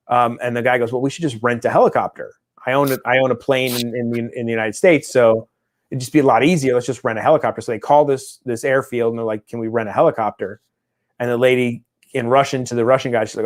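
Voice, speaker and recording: A man co-hosting a casual chat show, mid-pitched and conversational. He tells a long, winding story full of restarts and briefly acts out the people in it. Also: steady tone, quick pace. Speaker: podcast co-host.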